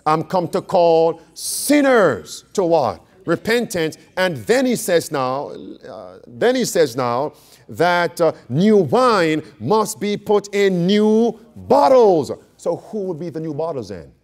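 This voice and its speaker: A man delivers an interactive Bible study sermon, quizzing his listeners and repeating key phrases for weight. His pitch sits a little high and moves in wide, lively swoops. He speaks slowly and deliberately. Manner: questions the audience, repeats phrases for emphasis. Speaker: preacher teaching a Bible class.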